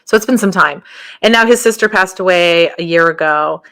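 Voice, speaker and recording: A woman hosting a podcast, talking casually through her stories with frequent laughs and rambling asides, her voice jumping higher whenever she quotes someone. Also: moderate pace, sharp tone. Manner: jumps up in pitch when quoting others. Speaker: podcast host. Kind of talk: casual spiritual monologue.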